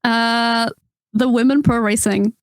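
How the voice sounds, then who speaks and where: A woman's voice: a little high, fairly even intonation, slow, dry recording. Chatty woman podcast co-host. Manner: chatty, full of fillers and laughs. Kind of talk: casual podcast chat.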